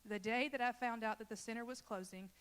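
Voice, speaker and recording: A woman's voice: fairly high pitch, quick pace, fairly bright tone. A woman from Louisiana who leads a church children's ministry, giving an earnest and emotional personal testimony and talking straight to the congregation.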